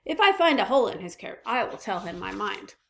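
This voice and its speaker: A woman's voice: medium pitch, sing-song, a little fast, gravelly, a bit bright. A woman reading aloud, voicing a fussy army captain in an emphatic, earnest way. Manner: earnest, emphatic, self-admittedly weak accent attempt. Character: fussy Welsh army captain, stickler for discipline.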